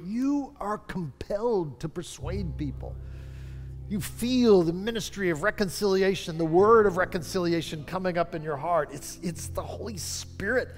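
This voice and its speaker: High-voiced man preaching in reverberant hall. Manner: fervent, preacherly, drawn-out emphatic phrases. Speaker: pastor. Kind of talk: sermon. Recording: long reverb of a large hall.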